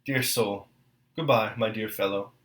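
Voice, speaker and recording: A man's voice: fairly low pitch, a little slow, a bit bright, echoey room. A man reading aloud and voicing a dreamy, kindly artillery captain who mutters to himself. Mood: tender.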